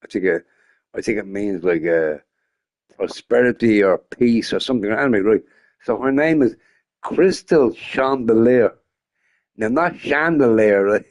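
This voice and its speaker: This young man's voice sits on the low side and moves at a moderate pace as he chats casually on a gaming stream. His live-stream talk is rambling and full of free swearing, with frequent bursts of laughter.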